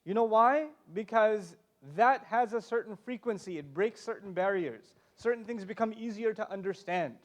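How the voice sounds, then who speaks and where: High-voiced, animated male panel speaker. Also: normal speed, hardly any pauses. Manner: animated, emphatic, joking asides. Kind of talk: passionate lecture talk.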